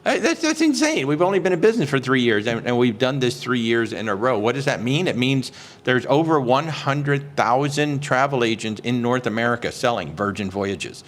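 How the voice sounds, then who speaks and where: A man hosting a live cruise question-and-answer stream as a travel agent. He talks in an excitable, chatty way, greets viewers by name and fills pauses with lots of "uh"s. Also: mid-range voice. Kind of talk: casual live-stream chat.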